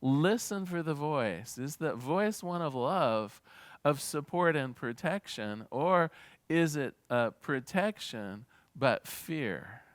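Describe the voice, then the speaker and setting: A minister giving a sermon in an earnest, gentle teaching manner, with small restarts as he talks. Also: a little high, expressive, takes it slowly, no room sound.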